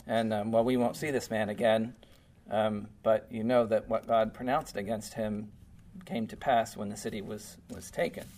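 A man's voice: fairly low pitch, steady tone, normal speed, darkish tone. A man preaching a Bible-teaching sermon in a casual, conversational way, filling his talk with "you know" and "um". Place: church.

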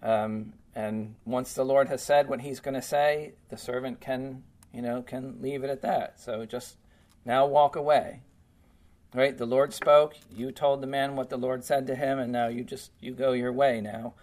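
A man's voice: medium pitch, steady tone, normal speed, few pauses, a little mellow. A man preaching a Bible-teaching sermon in a casual, conversational way, filling his talk with "you know" and "um". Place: church.

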